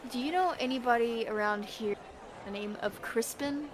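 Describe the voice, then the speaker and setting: A woman's voice: fairly high pitch, normal speed. A woman player in a tabletop game, friendly and easygoing in casual role-play. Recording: noisy hissy mic.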